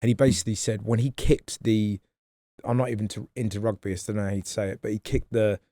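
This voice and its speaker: A man, a comedian guest on a podcast, talking in a rambling, animated way and swearing freely. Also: fairly low pitch, fast talker, no echo. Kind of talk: casual podcast chat.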